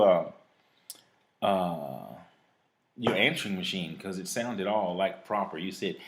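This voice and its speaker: Earnest, easygoing man with a lowish voice. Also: lively intonation, slow, long pauses. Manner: earnest, preachy and easygoing, with casual asides. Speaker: host of a live talk show. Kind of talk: reading a reflective piece and chatting with a phone guest.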